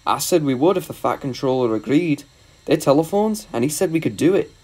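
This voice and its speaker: A man doing an excited adult engine driver from a storybook, explaining the news. The voice is close to the reader's own, only slightly raised. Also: fairly high pitch, brisk.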